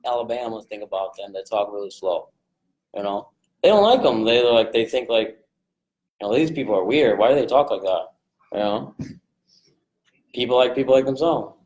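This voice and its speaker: A man coaching a group on sales rapport in a casual, energetic way, jumping into quick voices to act out phone calls. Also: medium pitch, roomy sound, poor audio. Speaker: real estate investing coach.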